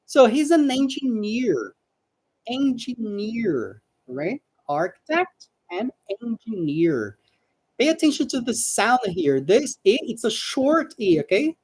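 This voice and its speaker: Female English teacher, patient, drills pronunciation slowly; husky voice, dry sound. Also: on the high side, very animated, a little mellow, no echo, low-quality recording. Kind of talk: live online English lesson.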